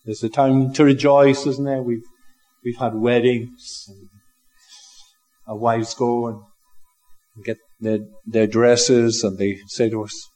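An older man preaching a sermon, slow and reflective, building to emphatic rises. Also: medium pitch, fairly even intonation, darkish tone, poor audio. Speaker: pastor.

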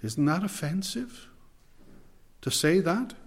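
A man preaching a sermon, emphatic and slowing down to stress key phrases. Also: sits high, lively intonation, slightly rough, long reverb tail.

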